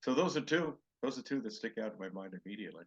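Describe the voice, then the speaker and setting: Husky and lowish, this older comedian talks fast and with plenty of animation while recounting road tales as a podcast guest. He raises his voice to play the other people in them, and the sound is lo-fi.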